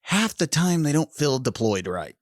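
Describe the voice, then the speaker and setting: A man's voice: a little high, sing-song, moderate pace, no room sound, clean studio sound. A man co-hosting a film podcast, rambling and profane, with restarts and laughs. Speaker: podcast co-host. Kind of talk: casual film podcast chat.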